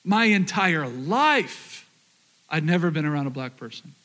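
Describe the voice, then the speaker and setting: High-voiced Southern pastor telling stories. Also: male voice, animated, a little slow, sharp tone. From rural Oklahoma, USA. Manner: earnest, repeats words, addresses the crowd. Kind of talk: storytelling sermon.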